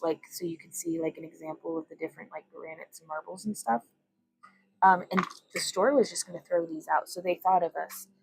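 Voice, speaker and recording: A woman's voice: on the low side, gravelly, a little mellow, poor audio. A young woman hosting a casual glass bead livestream from her home workbench, chatting and rambling as she greets viewers. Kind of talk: casual craft demonstration livestream.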